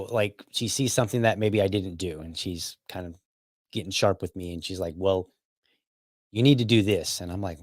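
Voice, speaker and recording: A man's voice: on the low side, a bit bright, no room sound, clean studio sound. A man hosting a podcast, commenting casually in a rambling, self-correcting way. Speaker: podcast host.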